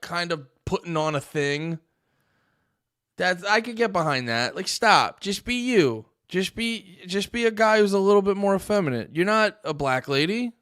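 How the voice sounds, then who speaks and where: A man hosting a livestream, reacting aloud in a loose, sarcastic way with plenty of swearing. His voice is smooth and clear. The sound is close and dry. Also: high voice, a bit bright, dry recording. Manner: profane, laughing, sarcastic asides. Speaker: streamer host. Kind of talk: casual livestream commentary.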